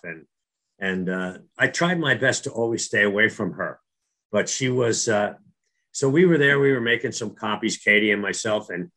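A middle-aged man from New Jersey has a fairly bright voice on the low side. He tells a personal faith story in earnest, casual talk, often repeating words and restarting sentences.

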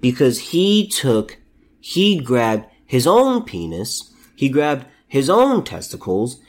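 A male podcast host delivers solo commentary in an incredulous, ranting way. His pitch swings widely as he talks, and he restarts his sentences over and over.

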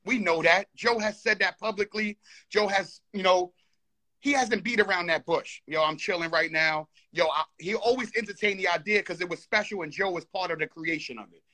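A man's voice: high voice, fairly quick, pushed and bright. A man arguing heatedly on a live call, insistent and repeating himself as he talks over the others. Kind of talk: heated argument.

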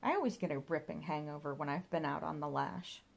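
A woman's voice: deep voice, brisk, gravelly. A woman doing a bewildered young man. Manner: bewildered, questioning. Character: puzzled young man, hungover and confused.

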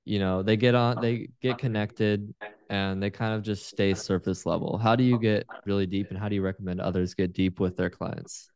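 A man's voice: on the low side, steady tone, normal speed, darkish tone. A man interviewing a guest, asking questions in an affirming, easygoing way.

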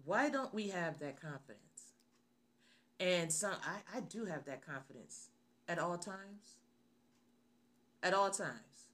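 A woman's voice: fairly low pitch, animated, slow, pauses often, fairly bright tone. A woman host giving an emphatic radio sermon, repeating her phrases for emphasis. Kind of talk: radio preaching talk.

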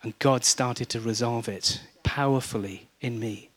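A man's voice: mid-range voice, measured pace, dry recording. A middle-aged man from South Wales with a Welsh accent, preaching a sermon and telling stories with humor and mimicry. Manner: lively storytelling with mimicry and humor.

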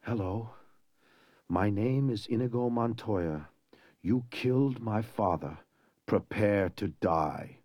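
A man's voice: lowish voice, animated, a little mellow, no echo, clean studio sound, exaggerated voice. A man doing Inigo, a vengeful swordsman. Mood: grim. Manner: slow, deliberate vow, rising to strained cries.

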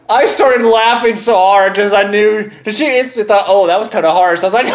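A young man with a high voice co-hosts a casual podcast chat, full of laughs as he tells old school stories. He talks in an animated, excitable way. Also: quick pace, hardly any pauses. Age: young adult. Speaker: podcast co-host.

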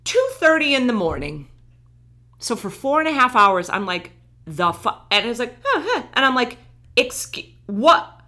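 A woman telling a personal story in casual chat, animated, acting out the lines of the people in it. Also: a little high, moderate pace.

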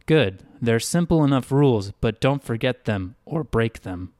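A man voicing a nervous male prisoner who gives blunt, hushed warnings about the town's rules. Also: mid-range voice, lively intonation, measured pace, no echo, clean studio sound, natural voice. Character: jittery male long-time prisoner, fearful and blunt.

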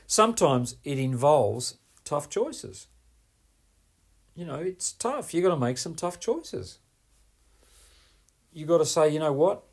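A man's voice: fairly high pitch, big pitch swings, takes it slowly, long pauses, slightly rough. A man hosting a solo podcast as a performance coach, talking in an emphatic, rambling way and often tagging on "right?".

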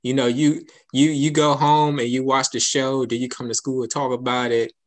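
In casual conversation, a young man recounts growing up, speaking at a moderate pace in a level, mid-range voice. He laughs easily and frequently and performs the quotes in his stories.

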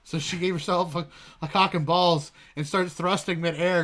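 A man with a bright, slightly raised voice, co-hosting a casual podcast. He rambles through stories, stops often for fillers, and keeps things loose and chatty. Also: high-pitched, steady tone, moderate pace. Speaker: podcast co-host. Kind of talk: casual chat.

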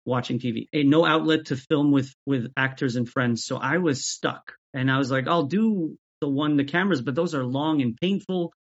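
A man talking as an interview guest about making sketches, even-keeled and often restarting his sentences. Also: medium pitch, normal speed, hardly any pauses, slightly rough. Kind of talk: casual interview chat. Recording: dull lo-fi audio.

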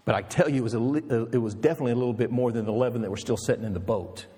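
Emphatic husky-voiced preacher man. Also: medium pitch, very fast, warm tone, long reverb tail. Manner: emphatic, rhetorical, storytelling. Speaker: pastor. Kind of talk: sermon.

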